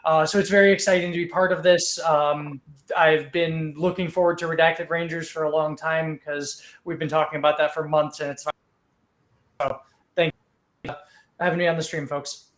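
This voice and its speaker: A man's voice: on the high side, little pitch movement, fairly bright tone. A man with a slightly raised voice introduces himself for a livestream. He sounds a bit nervous and stops often to say um. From Chicago area. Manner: a bit nervous, halting with many ums. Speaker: guest player.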